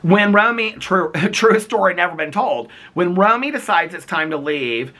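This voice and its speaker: Animated chatty man vlogging, bright voice. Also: high voice, moderate pace. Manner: chatty, animated, laughs often, playful asides. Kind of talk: casual vlog chat. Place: outdoors in the cold.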